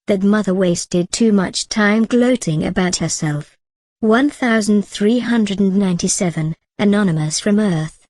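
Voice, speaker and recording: A woman giving a scripted web novel reading, working through numbered chat posts in a steady, even manner. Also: medium pitch, no room sound. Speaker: narrator.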